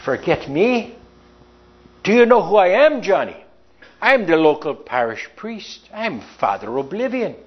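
A man's voice: mid-range voice, sing-song, slow, pauses often, breathy edge, full character voice. A man voicing a pompous, indignant parish priest who is outraged and self-important, in a lo-fi recording.

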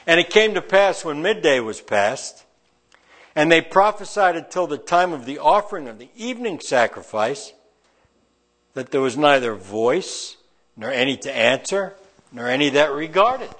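A Bible teacher with a slightly high, a bit bright, sing-song voice reads scripture verse by verse at normal speed. He breaks off between verses for folksy asides.

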